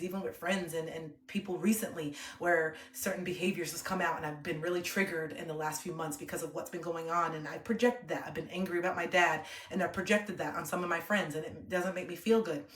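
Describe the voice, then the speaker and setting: A young woman livestreamer talking to her chat in a calm, earnest, open way. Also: fairly low pitch, brisk, few pauses, slight background noise. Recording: roomy echo.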